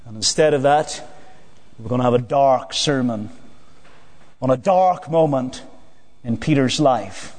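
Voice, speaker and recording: A man preaching an evening sermon in a church, earnest, slowing down and dropping low on key phrases. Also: a little mellow. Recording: long church hall reverb.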